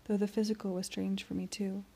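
An amateur audiobook reader, a woman, narrates a novel in the first person with a soft, even delivery, her lines sometimes dropping nearly to a whisper. Her medium-pitched voice is mellow, gravelly and slightly husky, and she reads fairly quickly.

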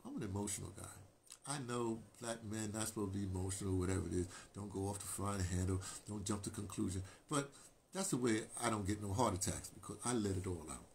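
Older man with a gravelly voice, rambling. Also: mid-range voice, fast talker. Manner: animated, emotional, many restarts and asides. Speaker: radio producer and artist. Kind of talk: rambling personal storytelling.

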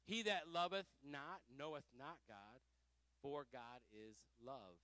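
A man pastor teaching a Pentecostal Bible study, fervent and animated, often laughing and swinging between loud exhortation and soft asides. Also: sits high, no echo.

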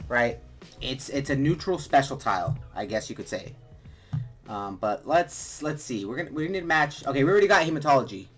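A relaxed man gives casual game walkthrough commentary, wandering through his points with plenty of fillers and false starts. His voice sits at an ordinary middle pitch, and faint music plays underneath. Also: fairly quick, breathy edge. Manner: relaxed, rambling, many fillers and restarts. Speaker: gaming video host.

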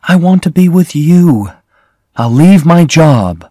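A man's voice: animated, slow, dark tone, no room sound, studio quality. A man voicing a worried young woman, raising his voice to plead with her lover. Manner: raised pitch, earnest and emotional.

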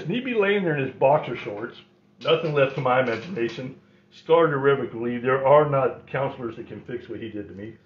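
A man's voice: medium pitch, expressive, brisk. Wry middle-aged guy rambling through old stories, chuckles a lot, roomy slightly dull sound. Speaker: host. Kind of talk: casual storytelling.

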